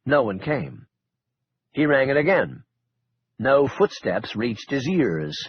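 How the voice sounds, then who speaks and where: A man's voice: mid-range voice, very animated, slow, husky, no echo, lo-fi sound. A man narrating an audiobook thriller in a wry, dramatic storytelling manner. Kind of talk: scripted narration.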